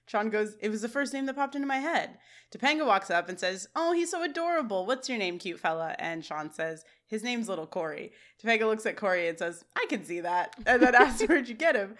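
A woman co-hosting a podcast retells sitcom scenes in casual chat, giggling often and rattling off quick quoted lines. Her voice is on the high side with a fairly bright tone.

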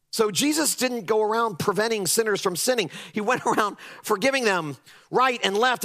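A male pastor whose voice sits high gives an animated sermon. He throws his voice into mocking takes on his critics and stresses his points hard.

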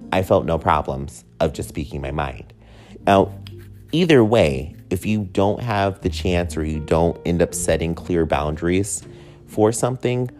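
A man's voice: sits low, darkish tone. A man candidly telling a personal story to his viewers, blunt and swearing freely.

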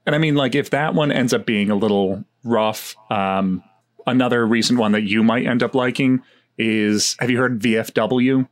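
A man's voice: medium pitch, steady tone, moderate pace. A man hosting a casual movie chat, rambling along with many fillers and restarts. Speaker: podcast host.

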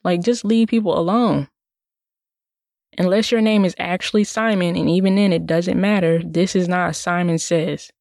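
A woman's voice: lowish voice, fairly even intonation, moderate pace, creaky, a little mellow, dry recording, clean studio sound. A woman in a casual personal monologue, talking indignantly in a rambling way with lots of "like" fillers and restarts. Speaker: vlogger.

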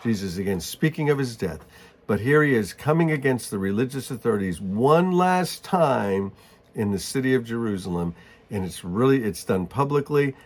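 A man reads a Bible passage aloud and explains it in casual asides. He clears his throat often. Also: mid-range voice, expressive, moderate pace. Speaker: Bible teacher. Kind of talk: Bible reading with commentary.

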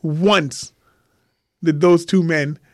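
A man's voice: a little high, fairly even intonation, extremely slow, no echo, studio quality. A man telling a story as a podcast guest, acting out the other people's lines as he goes. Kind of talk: animated storytelling. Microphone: remote call.

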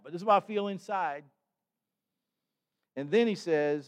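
A man preaches a sermon in a slightly high voice, moving from loose, chatty asides full of restarts into louder, more emphatic readings of scripture. His delivery is conversational and earnest, as if talking directly to the congregation. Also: expressive, moderate pace. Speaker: pastor.

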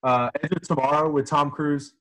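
A man's voice: on the high side, fairly even intonation, moderate pace, pushed and bright, poor audio. A man co-hosting a podcast, chatting casually, laughing easily and leaning on fillers. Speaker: podcast co-host. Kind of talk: casual chat.

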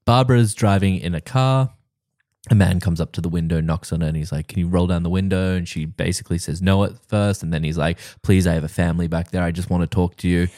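A man's voice: sits low, steady tone, fast, a little mellow, no echo, studio quality. A man co-hosting a casual podcast, recapping a show's scenes and acting out the characters' lines as he goes. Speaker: podcast co-host. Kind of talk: casual chat recapping a show.

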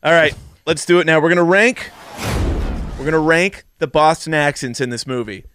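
A man's voice: fairly high pitch, normal speed, fairly bright tone, slight background noise. A young man co-hosting a casual film podcast, giving blunt, opinionated rankings. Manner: opinionated, ranks things with blunt verdicts. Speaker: podcast co-host.

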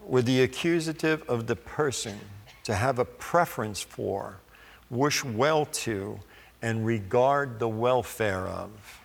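A male preacher with a gravelly voice delivers a sermon at a very slow, measured pace. He reads scripture with careful pauses, and his voice rings with long reverb. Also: medium pitch.

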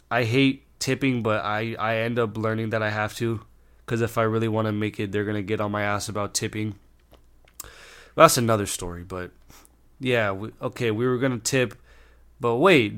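A man's voice: fairly low pitch, fairly bright tone, smooth. A young man telling a story as a vlogger, rambling and exasperated, swearing freely. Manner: profane, exasperated, rambling with restarts. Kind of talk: storytime rant.

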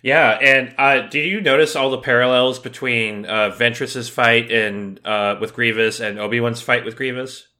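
A man co-hosting a podcast in casual chat, relaxed and joking, with the odd swear. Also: mid-range voice, moderate pace, hardly any pauses. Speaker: podcast co-host.

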